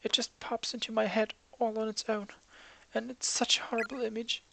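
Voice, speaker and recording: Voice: medium pitch, fairly quick, gravelly, pitched above the performer's own voice, poor audio. A game reader voicing a frightened, homesick teenage schoolgirl in a pleading, shaken way. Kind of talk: reading game dialogue aloud. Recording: steady background hiss.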